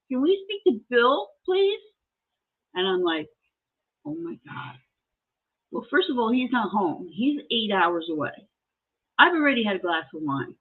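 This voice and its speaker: Host type: middle-aged woman, chatty seller and storyteller, slightly high voice, tinny phone-like sound. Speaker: host selling collectibles. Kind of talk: casual sales chat and storytelling.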